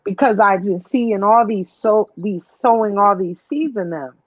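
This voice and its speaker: A middle-aged woman, a radio show guest, telling stories in a lively way and calling her listener honey. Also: medium pitch, a little slow, no echo, highs cut off. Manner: animated storyteller, calls the listener honey. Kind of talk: casual radio conversation.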